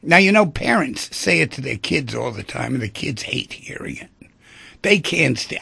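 A man's voice: mid-range voice, expressive, moderate pace, vocal fry, bright, forceful tone, slightly rough, no echo. A middle-aged man hosting a radio talk show, talking through feelings and relationships in a conversational way and acting out little scenes. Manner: conversational, acts out quoted voices. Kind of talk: reflective monologue on relationships.

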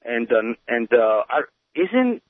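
A man calling in to a radio show, speaking hesitantly with many pauses and restarts as he confides. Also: medium pitch, big pitch swings, no echo. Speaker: radio caller. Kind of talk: phone-in conversation. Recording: tinny phone line on radio.

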